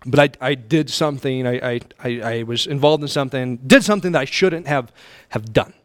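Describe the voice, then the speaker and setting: A middle-aged male pastor preaching a sermon in a church, impassioned, swinging from loud to hushed, repeating words and calling listeners friend. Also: medium pitch, a little fast. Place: church sanctuary.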